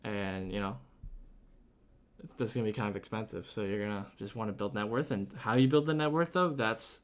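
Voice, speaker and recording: A man's voice: lowish voice, brisk. A young man chatting casually on a game stream, rambling through answers to chat with lots of fillers and restarts.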